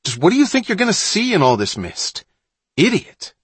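A man voicing a bossy, hot-headed older boy in a storybook, talking loudly and boastfully. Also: medium pitch, normal speed, breathy edge, dry recording. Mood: bossy shouting.

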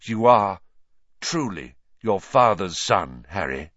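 A man voicing a gaunt, weary grown man who speaks low and solemnly. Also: sing-song, takes it slowly, a bit bright, no room sound, dull audio, heavily acted.

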